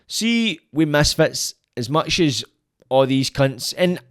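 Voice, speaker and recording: A young Scottish man, a podcast guest, ranting bluntly in casual chat, swearing a lot and shooting up in pitch when he gets worked up. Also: expressive, slow pace, smooth. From Scotland.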